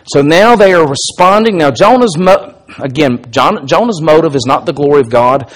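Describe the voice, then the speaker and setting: A man leads a Bible study in a sermon style, with a somewhat higher-pitched voice than most men. He talks casually, often restarting his sentences, then swells louder to drive home key lines. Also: lively intonation, moderate pace. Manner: conversational teaching with frequent restarts, swells in volume for emphasis. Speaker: pastor and Bible teacher.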